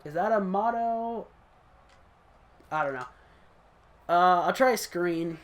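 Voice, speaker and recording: A man's voice: high-pitched, takes it slowly. A man casually commenting on his own football video game match, chatty and self-critical, breaking into short laughs. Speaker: gaming channel host.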